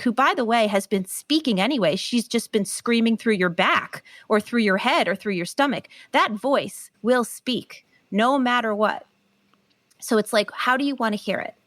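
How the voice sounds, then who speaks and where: A woman's voice: on the high side, a bit bright, no room sound. Earnest woman explaining, dry close sound. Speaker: guest, pain recovery author. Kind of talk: podcast interview.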